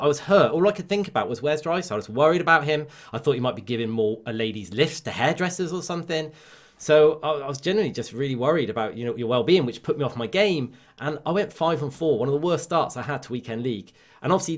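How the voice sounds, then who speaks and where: Teasing English podcast co-host. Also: male voice, medium pitch. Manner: teasing, mock-dramatic storytelling. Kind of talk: casual chat.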